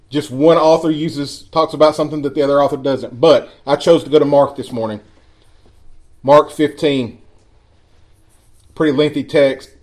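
A man preaching a sermon in a church, reading scripture slowly with emphatic pauses. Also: medium pitch, darkish tone. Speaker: pastor.

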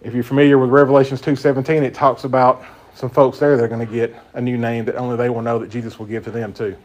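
A man with a Southern American accent speaks fast at medium pitch, with little movement in his pitch. He's a Bible teacher leading an informal Bible study, talking conversationally, explaining things emphatically, and asking his group questions.

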